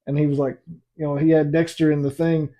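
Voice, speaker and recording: A man's voice: on the high side, little pitch movement, fast, dark tone. A man chatting casually as co-host, laid-back with dry humor. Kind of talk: casual chat.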